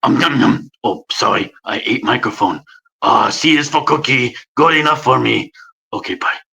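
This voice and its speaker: A man voicing a gravelly, childlike cookie-craving puppet monster who talks in broken grammar. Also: medium pitch, animated, normal speed, pushed and bright. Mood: goofy. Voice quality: rough, gravelly growl. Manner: broken grammar, munching noises.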